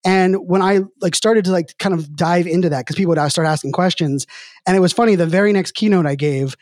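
Rambling man, slightly high voice. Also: a little fast, darkish tone, dry recording, studio quality. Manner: rambling, heavy use of filler "like". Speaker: podcast guest. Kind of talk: casual conversational storytelling.

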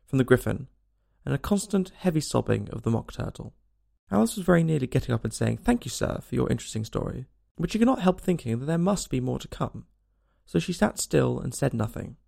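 Gravelly man reading a bedtime story. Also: medium pitch, very animated, a little fast. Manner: gentle, soothing bedtime delivery. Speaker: podcast storyteller.

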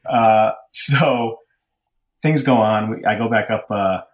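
A man's voice: fairly low pitch, slow. A young man telling a long personal story in a casual chat, rambling with lots of fillers and restarts. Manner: rambling, self-deprecating, frequent fillers and restarts. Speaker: podcast storyteller.

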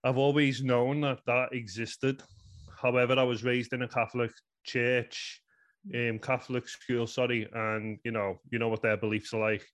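A man's voice: mid-range voice, level tone, normal speed, fairly bright tone. A man in his thirties with a Liverpool accent, earnestly telling a personal story in a rambling way, full of "you know" fillers. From England. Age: 30s. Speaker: guest.

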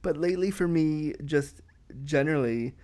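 A man's voice: on the high side, normal speed, warm tone. A man hosting a podcast, chatting casually and animatedly with frequent fillers and restarts. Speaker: podcast host. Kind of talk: casual chat.

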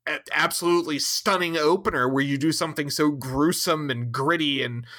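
A somewhat high, bright-voiced man talks with exasperated sarcasm in a casual critique chat. He is animated and swings up in pitch when mocking. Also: normal speed. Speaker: podcast co-host.

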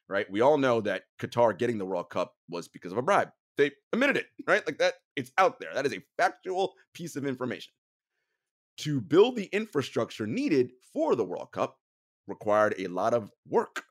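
A man hosting a sports podcast, speaking earnestly and often dropping into a somber hush. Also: medium pitch, big pitch swings, normal speed. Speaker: podcast host. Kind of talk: casual podcast talk.

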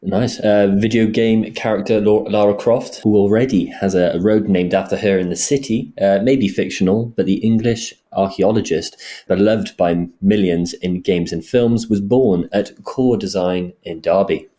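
A man in casual podcast chat with a very deep, mellow voice. He talks hesitantly, restarting phrases and filling gaps with filler sounds. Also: normal speed. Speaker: podcast co-host.

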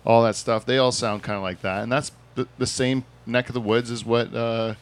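A man's voice: medium pitch, flat delivery, normal speed. Man, Southern Ontario Canadian accent, podcast host, casual chat, jokey, rambling. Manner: joking, rambling, laughs often.

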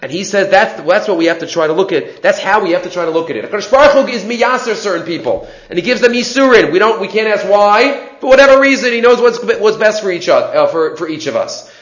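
High-voiced man teaching a Torah class. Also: expressive, fast, few pauses, echoey room, highs cut off. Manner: explains sources line by line, asks and answers his own questions.

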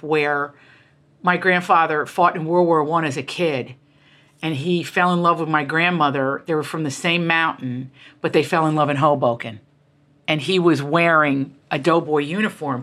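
A middle-aged woman author, a guest in an interview, telling her stories in an emphatic, animated way with quick asides. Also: sits low. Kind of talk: candid conversational storytelling.

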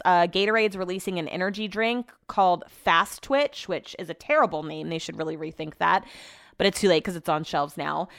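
Recorded on a podcast mic in her home office, this host gives a casual rundown of the news and her day, with the odd swear word and verbal stumble. Her voice is lowish and a bit bright, and the sound is clean, echo-free, studio grade.

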